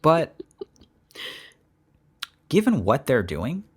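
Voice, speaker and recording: A man co-hosting a casual podcast, talking with a hoarse voice in a playful, teasing, self-mocking way. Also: on the high side, wildly swooping pitch, very slow. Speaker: podcast co-host. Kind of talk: casual chat. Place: California.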